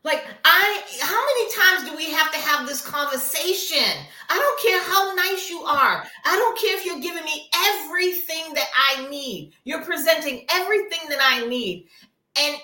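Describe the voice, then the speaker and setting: Blunt, animated woman in a roomy space. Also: high voice, a little slow. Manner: blunt, emphatic, swears freely. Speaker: podcast co-host. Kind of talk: casual reality-TV recap chat.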